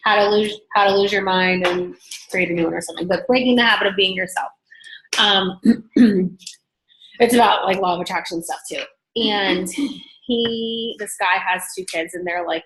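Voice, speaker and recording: A woman's voice: medium pitch, normal speed, a bit bright. Chatty woman telling a story, echoey room. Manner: chatty, many fillers like "like" and "whatever". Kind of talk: casual storytelling.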